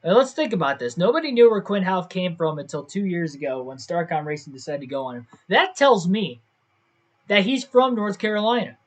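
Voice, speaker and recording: A man's voice: sits high, expressive, fairly quick. Young man thinking aloud on stream. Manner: thinks aloud, second-guesses himself. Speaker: gaming livestreamer. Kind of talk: casual livestream commentary.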